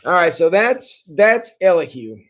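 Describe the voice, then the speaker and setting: A man in his forties teaches a Bible study over a livestream in a relaxed, folksy way. His voice sits a bit high for a man, and he keeps it chatty and unpolished, full of small fillers. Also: a little slow. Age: 40s. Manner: folksy, conversational, with frequent filler sounds. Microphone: livestream setup.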